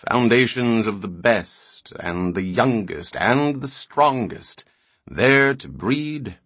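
A man's voice: medium pitch, a bit bright, dry recording, full character voice. A man voicing a grave, patient old male scholar in an audiobook.

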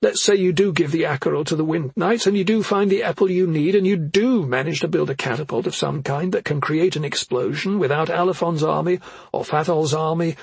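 A woman's voice: sits low, creaky, darkish tone, slightly rough, dry recording, voice pushed up, full character voice. A man reading an audiobook, voicing a worried middle-aged mother who questions her son sharply and skeptically. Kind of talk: audiobook character voice.

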